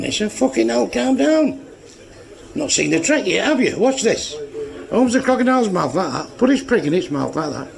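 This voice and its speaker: A man's voice: high voice, gravelly. A man doing stand-up comedy, telling bawdy, profane jokes and acting out the characters' voices. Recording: noisy archive recording.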